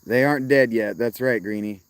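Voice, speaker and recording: He speaks fairly quickly in a clear, resonant, medium-pitched voice with no room sound. Outdoors somewhere rural with crickets, he chats casually to his live-stream audience, drifting off topic, cutting himself off, and laughing plenty.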